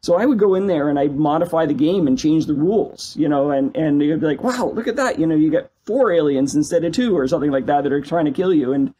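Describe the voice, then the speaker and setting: A man in his fifties from Canada, a company CEO telling stories as a guest in a casual interview, animated and self-deprecating. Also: on the high side, quick pace, hardly any pauses, slight background noise, low-quality recording. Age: 50s.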